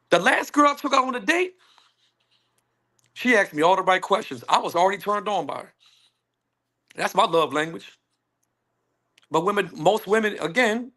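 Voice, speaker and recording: A man speaking on a panel call, emphatic and animated, acting out what others say to him. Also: high-pitched. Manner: animated, emphatic, acts out quoted women. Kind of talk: casual panel discussion. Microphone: phone on a call.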